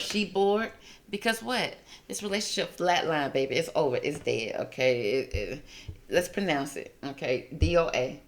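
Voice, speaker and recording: A woman hosting a tarot reading, talking in a sassy, gossipy way and calling listeners honey and baby. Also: sits low. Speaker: tarot reader host. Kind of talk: casual tarot reading commentary.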